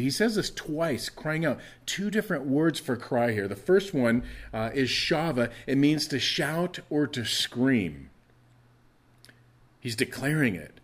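A man's voice: a little high, measured pace. Man preaching a fervent sermon. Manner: preaching with rising intensity, acting out prayers. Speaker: pastor.

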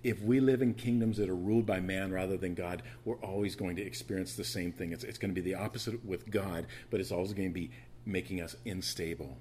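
A man preaching a sermon in a conversational teaching manner, with restarts and asides, who repeats phrases for emphasis and rises into loud, emphatic bursts. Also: deep voice, steady tone, brisk, slight background noise. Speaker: pastor.

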